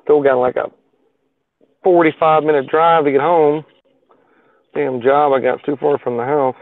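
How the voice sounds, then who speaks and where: A man's voice: on the high side, steady tone, unhurried, no echo. A man chats loosely on his own live stream, rambling and filling his talk with folksy asides. His voice comes through thin and tinny, as if over a phone line, with a close, dry sound and no room around it. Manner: rambling, with many fillers and plain folksy speech. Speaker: live stream show host. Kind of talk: casual live stream chat. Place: parked car in a lot.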